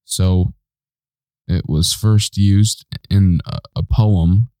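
A man's voice: sits low, fairly even intonation, drawn-out words, mellow, no room sound. A man co-hosting a show who gives short, clipped answers and stumbles through his explanations. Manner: terse, hesitant replies. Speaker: co-host. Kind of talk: casual studio banter.

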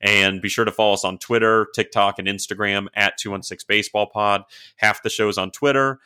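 A man's voice: fairly low pitch, steady tone, a little fast, bright, forceful tone, smooth. A man co-hosting a casual sports podcast, rambling with lots of fillers before an upbeat sign-off. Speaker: podcast co-host.

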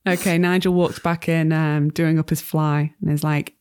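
A woman running a comedic tabletop game as game master, talking quickly and laughing between lines. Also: deep voice, flat delivery, darkish tone, clear, resonant tone, no room sound, clean studio sound.

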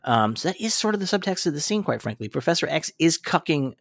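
A podcast co-host with a gravelly, highish voice talks fast in a dry recording. Excitable and profane, he recaps a cartoon casually and laughs a lot.

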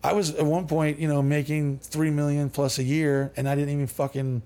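As a podcast guest, a man tells long, rambling stories packed with swearing, fillers and restarts. His voice is fairly high in pitch yet dark in tone, delivered briskly and evenly.

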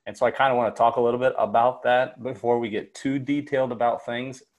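A man hosting a basketball coaching podcast, setting up his questions with steady, organized lead-ins. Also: mid-range voice, fast talker. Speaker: podcast host. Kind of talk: interview questions.

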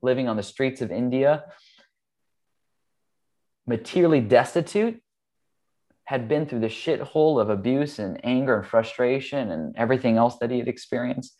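A man's voice: mid-range voice, normal speed, long pauses, mellow. A man, a podcast guest, earnestly telling a long family story in a rambling way, with frequent ums. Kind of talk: casual storytelling.

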